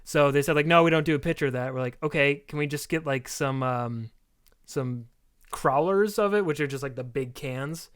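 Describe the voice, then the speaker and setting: A young man co-hosting a podcast, telling an animated, profane story in casual chat and acting out the other people's lines. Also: fairly high pitch, normal speed, smooth, no echo, clean studio sound. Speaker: podcast co-host.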